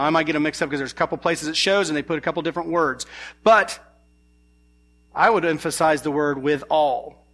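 A man's voice: on the high side, bright, forceful tone. A man preaching a sermon, earnest, often asking the listeners questions. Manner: earnest, asks the congregation questions.

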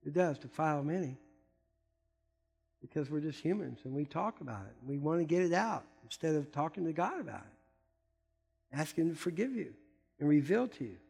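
An older man preaching a sermon, emphatic and repeating key words, swinging between loud stresses and hushed asides. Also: on the high side, expressive, normal speed, gravelly, pauses often, slightly rough. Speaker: pastor.

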